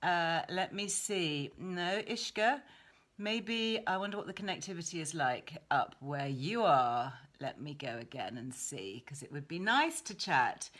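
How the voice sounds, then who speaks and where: A woman hosting a casual live stream from home, chatting warmly and reading out viewers' greetings. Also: deep voice, expressive, measured pace. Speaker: host. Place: her home.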